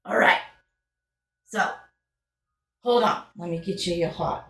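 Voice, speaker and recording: A woman's voice: on the low side, slow pace. A woman narrating as game master in a loose, rambling, casual storytelling manner with some swearing, recorded in an echoey room.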